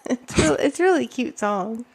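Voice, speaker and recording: A woman's voice: fairly high pitch, expressive, measured pace, creaky, husky. A woman co-hosting a podcast, chiming in with short, amused remarks in casual chat. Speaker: podcast co-host.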